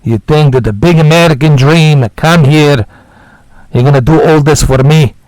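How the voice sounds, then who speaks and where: A man doing an impression of a brash, grumbling male Eastern European immigrant for his friends, in a loud, complaining put-on delivery. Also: on the high side, normal speed, no echo, close to an everyday voice, rough recording.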